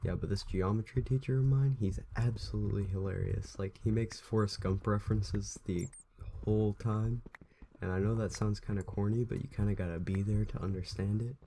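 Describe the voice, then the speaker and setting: Low gravelly young male gamer. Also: steady tone, brisk, warm tone, a little hiss or hum. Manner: chatty, rambling, talks to viewers while playing. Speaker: gameplay commentator. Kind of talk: casual let's play commentary.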